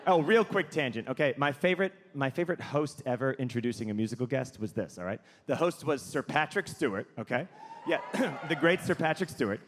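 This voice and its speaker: A man in his thirties doing a stand-up comedy set, telling stories with excitable asides. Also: medium pitch, brisk, big-room sound. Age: 30s. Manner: animated, storytelling with excitable asides.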